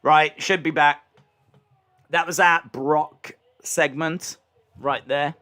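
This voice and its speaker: A man hosting a live reaction stream, excitably commenting and answering chat questions, his microphone clipping when he gets loud. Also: a little high, slow, smooth. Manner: excitable, hums entrance themes, answers chat. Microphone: desk microphone that clips when loud.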